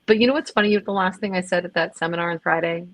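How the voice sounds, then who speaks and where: A woman with a low-pitched voice talks candidly as a podcast guest, emphatic and quick to exclaim. She often restarts her sentences. The sound is dry and close-miked. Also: steady tone, no echo. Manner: emphatic, swears, frequent restarts. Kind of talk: candid conversational chat.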